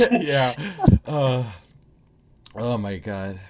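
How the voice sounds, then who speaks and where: Lively laughing young man. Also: mid-range voice, extremely slow, a loud crowd. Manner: laughs often, animated retelling. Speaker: podcast co-host. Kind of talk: casual chat.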